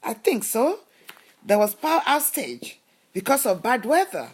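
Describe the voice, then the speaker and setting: A woman speaks in a husky, slightly high voice that swoops up and down as she lectures. She drives her points with rhetorical questions and emphatic, preachy advice in a motivational vlog. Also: sing-song, unhurried. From lives in Canada. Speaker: lifestyle vlogger. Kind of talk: motivational talk to camera.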